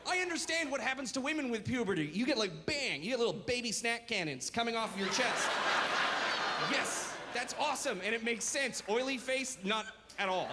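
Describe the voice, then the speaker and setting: Stand-up comic, man, high voice, exaggerated delivery, echoey club with crowd noise. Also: moderate pace. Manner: energetic, exaggerated, self-deprecating. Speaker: stand-up comedian. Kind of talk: stand-up comedy set. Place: comedy club stage. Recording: echoey live venue with background noise. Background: audience laughter.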